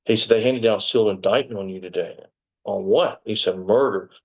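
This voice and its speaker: A middle-aged man talks fast in a fairly low voice, a former deputy telling his own story in an interview. He rambles and acts out every exchange in quoted dialogue. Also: darkish tone, poor audio.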